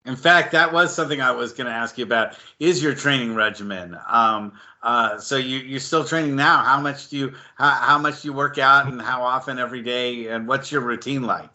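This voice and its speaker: Male host, very bright tense voice, halting questions, medium pitch. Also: lo-fi sound. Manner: halting, restarts his questions. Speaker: interview host. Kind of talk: interview questions.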